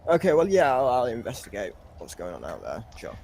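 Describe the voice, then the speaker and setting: A man's voice: mid-range voice, wildly swooping pitch, fairly quick, creaky, darkish tone, slight background noise. A man playing a tabletop game, asking eager questions in casual chat. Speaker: player.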